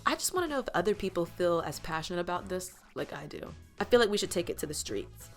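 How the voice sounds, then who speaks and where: Animated woman telling a story. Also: fast talker, faint music behind. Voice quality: animated, lots of quoted voices and pitch jumps. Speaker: podcast host. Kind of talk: casual storytelling monologue.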